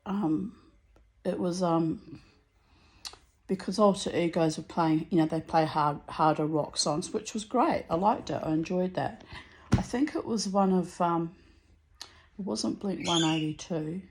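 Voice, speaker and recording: A middle-aged woman telling a story to the camera in a casual vlog, laughing often and going high and loud when excited. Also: unhurried, pauses often, a little hiss or hum. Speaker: vlogger.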